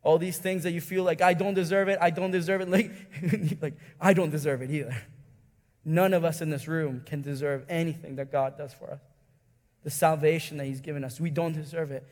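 A man preaching a sermon, telling a story with emotional swings between soft lows and loud highs, often repeating words. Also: steady tone, normal speed, big-room sound. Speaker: pastor. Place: church hall.

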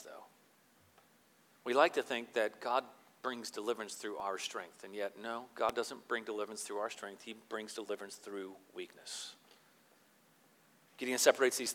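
Male pastor, sermon delivery, bright and forceful tone, reverberant hall, shifts from quiet reflection to loud emphasis. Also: mid-range voice. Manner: swings from quiet, slow reflection to loud, emphatic scripture reading.

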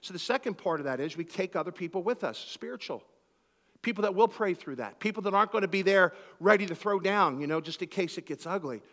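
A male pastor from Philadelphia giving an animated sermon in a church, acting out conversations as he preaches. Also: high-pitched, quick pace, long reverb tail.

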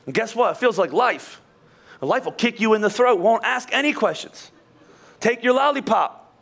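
A man preaching a sermon in an animated, conversational way, acting out quoted voices. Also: sits high, normal speed, creaky. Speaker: pastor.

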